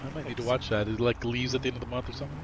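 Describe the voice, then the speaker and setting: A man's voice: medium pitch, fairly even intonation, rapid-fire, noisy background. A man in his forties, a gaming co-host telling rambling anecdotes in casual chat and swearing freely. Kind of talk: casual chat over gameplay. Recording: game car and street sounds behind.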